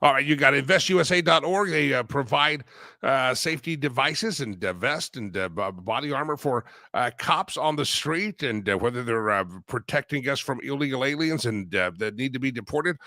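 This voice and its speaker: A man's voice: mid-range voice, lively intonation, moderate pace, pushed and bright, no echo, studio quality. A man hosting a talk show, chatting loosely with many fillers. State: coughing. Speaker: radio show host. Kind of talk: casual talk show monologue.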